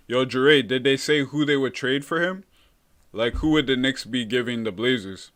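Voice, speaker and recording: A young man hosting a relaxed live stream, reading viewer comments and calling everyone bro. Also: mid-range voice, unhurried. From Canada. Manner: laid-back, calls everyone bro.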